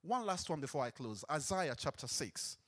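A man preaches a sermon in a high voice that swings widely in pitch. He puts questions to the congregation and stresses his points with rising emphasis. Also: big pitch swings, normal speed, a bit bright. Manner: emphatic, acts out scripture with rising intensity.

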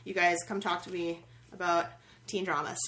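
A woman in her thirties hosting a podcast, chatting casually and gushing excitedly over gifts. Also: fairly low pitch, normal speed. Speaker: podcast host. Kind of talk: casual chat.

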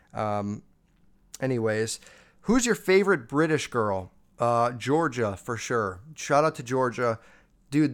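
Crude rambling young man, smooth voice. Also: medium pitch. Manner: crude, rambling, swears often. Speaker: podcast host. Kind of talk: casual solo podcast, answering listener questions.

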